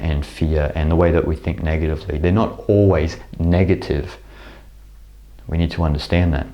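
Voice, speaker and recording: Low-pitched and a little mellow, this spiritual teacher talks to camera in a reflective lecture on spirituality. His delivery is full of fillers, and he frequently stops and starts over.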